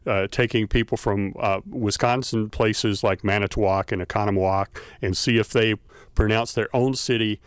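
A male university scholar of regional culture appears as a radio guest, offering measured, explanatory answers full of fillers. His fairly low voice is steady and smooth, with no echo.

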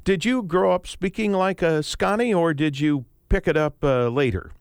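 A man hosting a public radio talk show, speaking in a relaxed, conversational way with frequent fillers, from a radio studio. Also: on the high side, moderate pace, gravelly, clear, resonant tone, no echo.

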